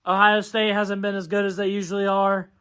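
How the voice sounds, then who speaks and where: A man's voice: sits high, little pitch movement, a little fast, fairly bright tone, clear, resonant tone. A young man venting in a halftime rant, exasperated and swearing often. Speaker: sports vlogger.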